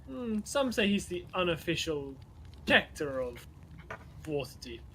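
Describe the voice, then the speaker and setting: A man's voice: on the high side, big pitch swings, unhurried, pushed and bright, slight background noise, heavily acted, poor audio. A man voicing a boastful, hard-drinking female orc brawler with a teasing manner in a tabletop game. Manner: swaggering, teasing.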